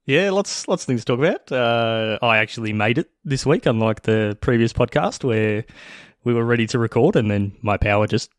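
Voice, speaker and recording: A man's voice: mid-range voice, moderate pace, no room sound, studio quality. A man hosting a podcast in casual chat, laughing often as he talks. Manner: laughs often while talking. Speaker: podcast host.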